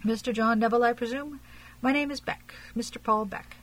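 Woman doing a placid, insinuating male detective, slightly higher and breathy; storybook reading. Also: brisk, close to an everyday voice, poor audio. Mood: pleasant. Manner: pleasant, probing, steady.

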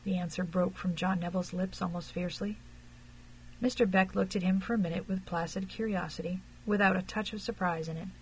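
A woman narrating an audiobook in a measured, even reading. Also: lowish voice, slight background noise, rough recording.

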